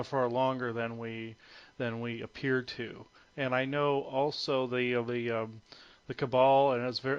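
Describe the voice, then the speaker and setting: A man of medium pitch speaks as a guest on a call, halting often on fillers and restarting his sentences. His voice comes through dull and muffled, like lo-fi phone audio. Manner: hesitant, many fillers and restarts. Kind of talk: conference call interview.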